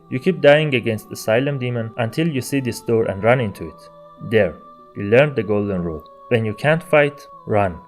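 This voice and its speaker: A man hosts a gaming video essay in a scripted voice-over with a mid-pitched voice. His delivery is wry, with dry sarcastic asides. Faint background music plays under the narration. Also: darkish tone.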